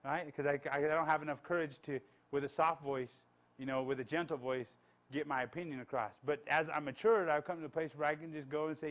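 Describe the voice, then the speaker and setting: A man's voice: a little high, fairly even intonation, fairly quick, fairly bright tone. A man, a pastor, giving a blunt, conversational sermon with many restarts and asides.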